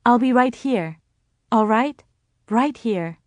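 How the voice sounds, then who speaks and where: A woman's voice: fairly high pitch, animated, takes it slowly, a little mellow, no echo, pitched above the performer's own voice. A woman reading the lines of a desperate young mother, urgent and pleading. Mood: soothing.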